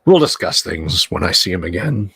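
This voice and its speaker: A man's voice: sits low, very animated, normal speed, creaky, fairly bright tone, slightly rough, no room sound, pitched below the performer's own voice, full character voice. Dignified older father figure, ponderous and thoughtful, voiced by a man. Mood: musing.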